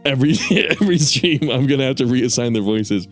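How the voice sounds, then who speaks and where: Young guy streamer, mid-pitched, foul-mouthed, loose and self-mocking. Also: a little fast, soft background music. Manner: swears a lot, laughs at himself. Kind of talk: casual gaming stream chat.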